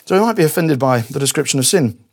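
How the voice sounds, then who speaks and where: Husky-voiced man preaching a sermon. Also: on the high side, expressive, fast. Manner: earnest, drops to a hushed voice for acted quotes.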